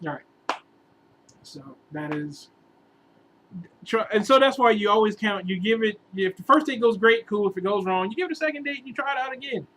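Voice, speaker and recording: A man telling a long, rambling relationship story in a casual vlog, animated and sometimes bursting into exasperated outbursts. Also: sits high, brisk, a little hiss or hum, rough recording. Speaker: vlogger giving relationship advice.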